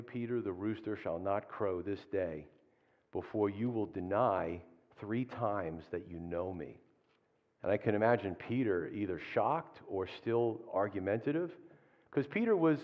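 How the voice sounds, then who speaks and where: A man preaching a sermon as a pastor, in a conversational way, often tagging his points with questions and animated asides. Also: fairly low pitch. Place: church hall. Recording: dull sound with long hall reverb.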